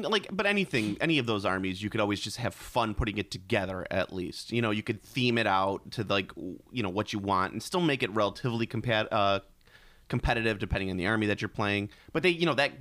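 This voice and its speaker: A man's voice: fairly low pitch, expressive, fast talker, sharp tone, no echo. A man in casual chat who stumbles and repeats words as he talks.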